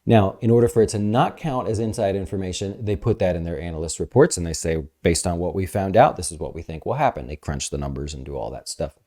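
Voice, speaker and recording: Speaking quickly with lots of fillers, a deep-voiced man hosts casual, high-energy market commentary as an investment advisor.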